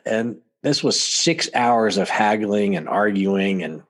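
A man's voice: fairly low pitch, takes it slowly. A man, a guest on a talk show, telling anecdotes casually and chuckling often. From United States. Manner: animated, laughs often while telling anecdotes. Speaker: podcast guest. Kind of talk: casual storytelling.

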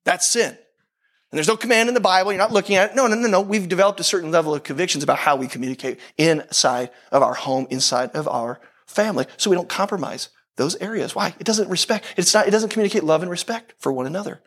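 This middle-aged pastor preaches fast in a high-set, fairly bright voice. His delivery is intense and emphatic, full of rhetorical questions and points repeated for force.

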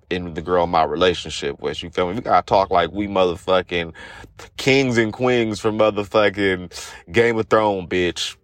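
A young man hosting a solo podcast, rambling and cursing through a comedic recap, often laughing and jumping into high squeals. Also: no room sound. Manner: rambling, profane, swings into high-pitched squeals and shouts while retelling scenes; laughs often mid-sentence. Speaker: podcast host.

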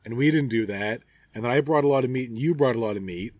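A middle-aged man chats casually on a podcast at a middle pitch. He jokes, rambles and lets his sentences trail off. The sound is close and dry, with no room echo. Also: fast talker, a little mellow. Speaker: podcast co-host. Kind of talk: casual chat. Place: outdoors at a backyard gathering.

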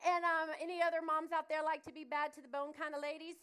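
A middle-aged woman with a Southern accent gives a sermon like a friend telling stories. Her voice sits a little high, and she moves easily between jokes about family life and Bible teaching. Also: quick pace. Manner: chatty, humorous, expressive storytelling. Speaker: guest speaker.

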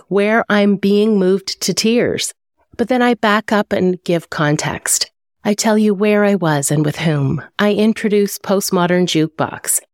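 A woman's voice: medium pitch, dry recording, clean studio sound. A woman hosting a podcast, reading one of her emails aloud and explaining in an upbeat, instructive way why it worked. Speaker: podcast host and email copywriter.

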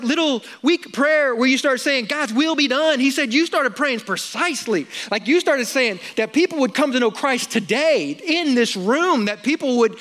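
A middle-aged man delivers a sermon in a strikingly high voice. His tone is bright and forceful. He acts out the dialogue as he tells stories to the congregation. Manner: energetic storytelling, acts out quoted dialogue. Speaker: preacher.

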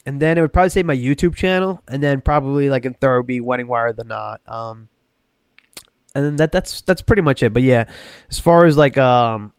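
A man's voice: mid-range voice, brisk, clear, resonant tone, dry recording, clean studio sound. A man talking as a guest on a podcast, rambling casually with many restarts and self-corrections. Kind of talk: casual chat.

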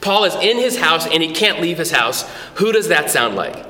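A man preaching a sermon as a pastor, conversational and animated, with frequent restarts, in a church. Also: a little high, moderate pace. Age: adult with a son. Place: church hall. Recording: echoey church hall with long reverb.

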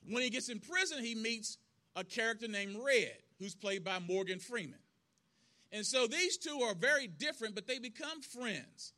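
A man preaching a storytelling sermon at an outdoor church service, earnest, with rhythmic repetition and quick bursts. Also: very high voice, lively intonation, sharp tone.

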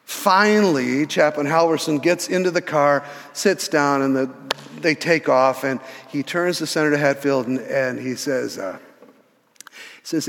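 A man in his sixties telling a story in a sermon, animated, often restarting his words. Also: on the high side, unhurried, creaky. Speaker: pastor. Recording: reverberant church hall.

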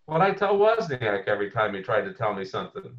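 A man's voice: fairly low pitch, sing-song, fast, fairly bright tone. A man playing a blunt, proudly abrasive male tech visionary who talks in an emphatic, combative way and swears freely. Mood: defiant. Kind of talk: comedic impression interview. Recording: muffled lo-fi audio.

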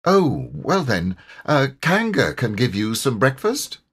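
A man voicing a calm, sensible young boy in a storybook reading. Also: medium pitch, slow, slightly rough, exaggerated voice.

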